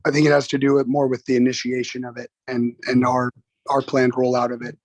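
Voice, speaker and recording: Hoarse male staffer, flat monotone, dry close sound, brief reply. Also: mid-range voice, a little fast, dry recording. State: lost his voice. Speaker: city staff member.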